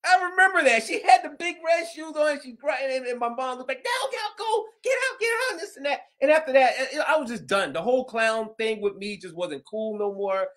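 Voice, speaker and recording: A middle-aged man with a Southern American accent, hosting a casual chat and telling animated stories, laughing often and acting out voices. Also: very high voice, a little fast, hardly any pauses. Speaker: host of paranormal news show.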